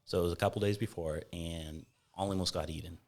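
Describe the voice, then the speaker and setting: A man's voice: low-pitched, steady tone, quick pace, gravelly. A man from Fresno, California, a falconer, telling stories in a chatty, rambling way with frequent restarts in a casual podcast conversation. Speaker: guest falconer.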